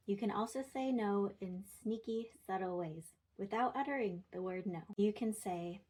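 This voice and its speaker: A woman's voice: mid-range voice, a little slow, few pauses, a little mellow, slightly rough, low-quality recording. A young woman talking through parenting advice in a chatty, playful way, like a scripted talk to a friend. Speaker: parenting content creator.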